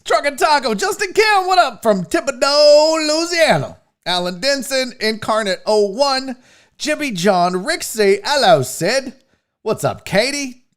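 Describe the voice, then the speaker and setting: Lively, joking man hosting a live stream. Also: extremely high pitch, measured pace. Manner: animated, profane, joking with chat. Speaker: host of a live sports show. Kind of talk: casual live-stream chat.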